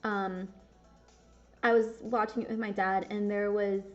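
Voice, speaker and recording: A woman's voice: mid-range voice, little pitch movement, unhurried, faint music behind. A young woman chatting casually and candidly while playing a game, rambling and swearing at the game now and then. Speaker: gaming video creator. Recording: dull lo-fi sound.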